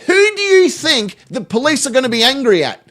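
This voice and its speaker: Australian male host, high and animated voice, crude mocking rants, heavy swearing. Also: a little fast. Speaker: show host reacting to clips. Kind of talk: profane reaction commentary.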